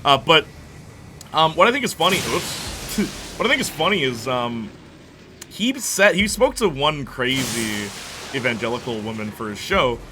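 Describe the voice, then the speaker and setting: A man's voice: mid-range voice, big pitch swings, a little slow, noisy background. A young adult man giving casual, joking let's-play commentary, rambling from one story to the next. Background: game music.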